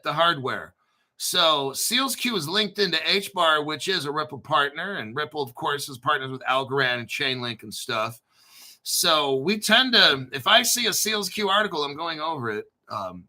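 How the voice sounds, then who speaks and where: A man hosting a casual crypto show, rambling, clearing his throat often and swearing offhandedly. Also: a little high, sharp tone. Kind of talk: casual commentary to camera.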